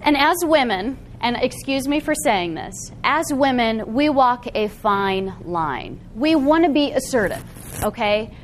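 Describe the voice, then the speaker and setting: Animated, high-voiced woman presenter. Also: unhurried, a little hiss or hum. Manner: animated, often checks in with the audience with "okay?". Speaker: workshop presenter. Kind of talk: live seminar talk to an audience. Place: meeting room with a live audience.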